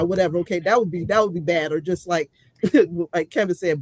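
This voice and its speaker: A woman's voice: lowish voice, a little fast, no room sound. Blunt outspoken woman, dry sound. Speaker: co-host. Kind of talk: casual debate.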